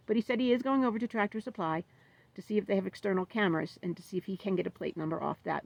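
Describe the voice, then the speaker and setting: A woman's voice: mid-range voice, gravelly, no room sound, dull audio. A woman vlogger telling a story in a casual, upset, rambling way, venting about what happened to her dog.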